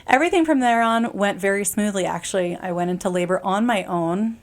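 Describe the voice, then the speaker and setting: A woman's voice: medium pitch, brisk. A woman in her thirties, a podcast guest, telling a personal story in an earnest, emphatic way, often restarting mid-sentence.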